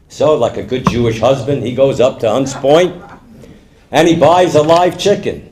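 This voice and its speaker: An older man telling jokes to a live audience in an animated storytelling manner. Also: medium pitch, moderate pace, slight background noise. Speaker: stand-up comedian.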